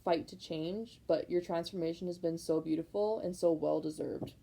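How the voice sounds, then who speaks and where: In this low-quality recording, a young tarot reader with a gravelly, lowish voice talks at a normal speed. She rambles through a casual reading, repeating points and using plenty of "likes," her encouragement emphatic and full of excitement.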